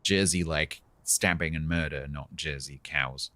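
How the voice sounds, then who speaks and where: A man's voice: a bass voice, steady tone, unhurried, pushed and bright, no room sound. A British man streaming a naval game, chatting casually with viewers in a dry, sarcastic way. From Britain. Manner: dry, sarcastic banter with chat. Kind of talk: casual live-stream chat.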